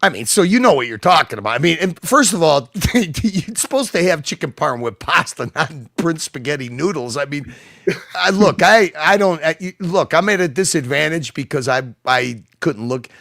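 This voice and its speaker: A man co-hosting a casual chat, animated and swearing, quick to laugh as he judges a meal. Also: a little high, gravelly, dry recording, studio quality. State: married. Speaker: co-host. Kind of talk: casual food chat on a show.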